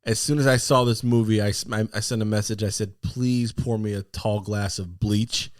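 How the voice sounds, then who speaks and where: A man's voice: fairly low pitch, steady tone, normal speed, no room sound, studio quality. A man co-hosting a podcast, telling stories animatedly and laughing often. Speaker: podcast co-host. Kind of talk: casual chat.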